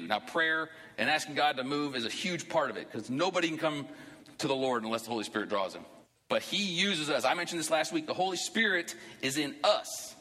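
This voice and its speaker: A man's voice: fairly high pitch, animated, a little fast, sharp tone, big-room sound. A man preaching a sermon to his church as pastor, talking conversationally and rising into emphatic bursts. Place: church sanctuary.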